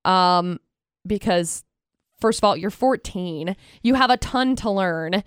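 A woman's voice: mid-range voice, expressive, slow, smooth, dry recording, studio quality. A woman co-hosting a radio show, chatting casually and telling a self-deprecating personal story. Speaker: radio co-host. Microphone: studio microphone.

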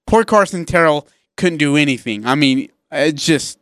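A man's voice: on the high side, lively intonation, moderate pace, fairly bright tone, no room sound. A man co-hosting a sports talk radio show in a studio, joking and laughing easily as he talks.

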